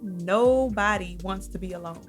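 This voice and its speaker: A woman's voice: mid-range voice, measured pace, faint music behind. A young woman co-hosting a podcast, talking earnestly in casual chat and peppering her points with "you know". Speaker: podcast co-host.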